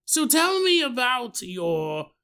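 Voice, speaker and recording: A man's voice: very high voice, huge pitch swings, slow, bright, forceful tone, smooth, voice pushed up, full character voice. A man voicing a playful French male job interviewer in an exaggerated put-on French accent. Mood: schmoozing. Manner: theatrical, swooping exaggerated delivery.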